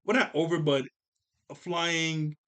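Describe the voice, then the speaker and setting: Chatty man recapping a cartoon, slightly high. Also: slow pace, a bit bright, smooth. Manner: chatty, laughs often, corrects himself mid-sentence. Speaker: cartoon episode reviewer. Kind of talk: casual recap and commentary.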